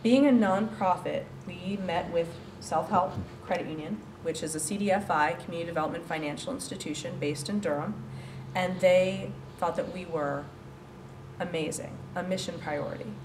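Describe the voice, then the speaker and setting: This coworking space director presents to a crowd in a low voice at normal speed, sounding far off in an echoey room with faint noise. She keeps things lively, chatty and playful, laughing a lot as she jokes.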